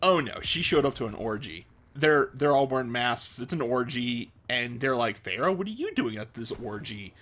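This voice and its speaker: A man vlogging, retelling a story in a casual, excitable way with lots of fillers. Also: mid-range voice, normal speed, few pauses.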